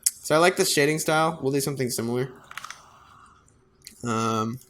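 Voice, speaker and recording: A man's voice: mid-range voice, moderate pace, fairly bright tone, a little hiss or hum. A man designing on a computer, thinking aloud in a casual, self-deprecating way. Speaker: designer narrating his work. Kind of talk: casual screen-recording commentary.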